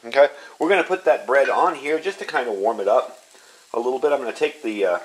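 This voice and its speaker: A home cook in his fifties chats fast and casually while walking through a cooking demonstration. His voice is medium-pitched, relaxed and chatty, with background noise behind him.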